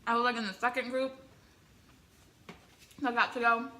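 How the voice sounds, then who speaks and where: A young woman from the Midwest telling an excitable, rambling story with many filler words while eating on camera. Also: on the high side, normal speed. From American Midwest. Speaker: vlogger.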